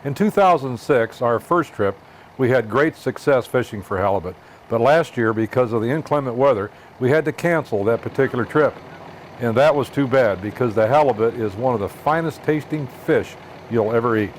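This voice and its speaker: A man narrating a fishing trip as host, in a measured, plainspoken voice-over. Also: medium pitch, a little hiss or hum.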